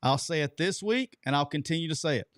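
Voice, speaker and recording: A man's voice: on the high side, expressive, fast, a bit bright, a little hiss or hum. A man co-hosting a sports talk show, chatty and loose, often restarting his sentences. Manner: chatty, restarts and repeats himself. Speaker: co-host.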